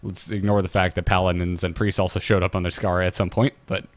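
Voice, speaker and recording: A man with a lowish voice co-hosts a gaming podcast in relaxed, joking chat. He often stumbles and restarts his sentences. His voice sounds dry and close. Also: fast talker, dry recording. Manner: relaxed, stammering restarts, jokey. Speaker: podcast co-host.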